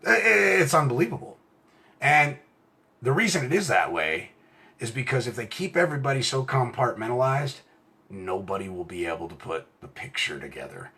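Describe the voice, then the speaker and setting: A middle-aged American man giving an impassioned, profane talk about rights, swinging from quiet asides to shouting. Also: medium pitch, very animated, normal speed. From United States. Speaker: self-styled legal rights speaker. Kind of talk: impassioned direct-to-camera rant.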